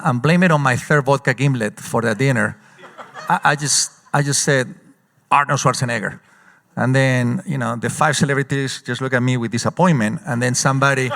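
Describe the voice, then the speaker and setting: A man who is a company executive, speaking as a guest in a live on-stage conference interview and telling stories in an animated way with quick bursts and frequent fillers. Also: medium pitch, gravelly. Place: large conference hall. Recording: long hall reverb.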